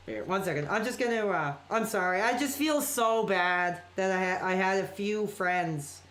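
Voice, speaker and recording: A man's voice: high voice, moderate pace, fairly bright tone, a little hiss or hum. Man streamer, casual late-night chat, rambling and apologetic, reading and reacting to viewers. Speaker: live streamer.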